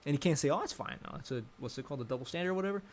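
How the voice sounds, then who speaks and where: A man's voice: fairly high pitch, lively intonation, very fast, a little hiss or hum. A young adult man giving casual, rambling commentary, thinking aloud and correcting himself as he goes. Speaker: vlogger.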